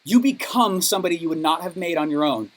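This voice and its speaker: A man giving an energetic motivational training talk as a business coach, emphatic and checking in with his audience often. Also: quick pace. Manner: high-energy, emphatic, keeps asking "okay?".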